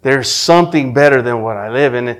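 A middle-aged man telling his personal faith testimony, earnest and emotional, often restarting his sentences and dropping from loud to hushed. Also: medium pitch, brisk. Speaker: testimony speaker.

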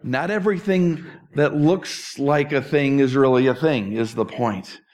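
A middle-aged male pastor preaching a conversational sermon, animated and self-deprecating with touches of humor. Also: mid-range voice, a little slow.

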